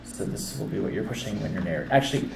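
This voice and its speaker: A man hosting a casual livestream, talking a guest through a setup in quick, instructing bursts. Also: fairly low pitch, animated, vocal fry, background noise. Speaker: livestream host. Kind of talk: casual behind-the-scenes setup chat. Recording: roomy distant mic with faint ambience.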